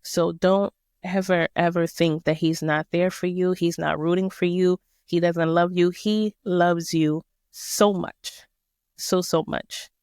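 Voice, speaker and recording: A woman's voice: fairly low pitch, steady tone, slow pace, a little mellow, clear, resonant tone, no echo, clean studio sound. A woman hosting a podcast, walking listeners through a Bible passage in a casual, slangy, emphatic way. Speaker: podcast host. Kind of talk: casual Bible study talk.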